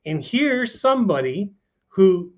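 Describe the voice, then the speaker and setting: A man with a slightly raised pitch tells a personal story as a guest, loose and conversational, dropping "you know" between thoughts. The sound is muffled and lo-fi. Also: very animated, slow. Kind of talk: casual storytelling. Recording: dull lo-fi sound.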